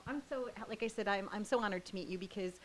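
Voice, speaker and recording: A woman's voice: medium pitch, fast talker, a little hiss or hum. A woman hosting her show, chatting enthusiastically with comedians backstage at a theater. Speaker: show host and interviewer. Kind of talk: backstage interview. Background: audience filling the theater.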